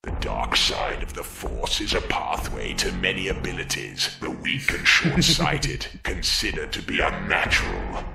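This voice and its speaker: Sidious: a deep, demonic dark lord. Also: male voice, wildly swooping pitch, a little slow, gravelly, hardly any pauses, heavily acted. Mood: menacing. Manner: croons, slips into whispers. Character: sinister old male dark lord, purring and menacing. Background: dramatic music.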